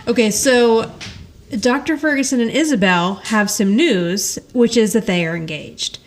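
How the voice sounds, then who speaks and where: A woman's voice: a little high, measured pace, slight background noise. Chatty woman podcast host recapping. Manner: chatty storytelling, laughs often, acts out quoted lines. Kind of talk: casual chat.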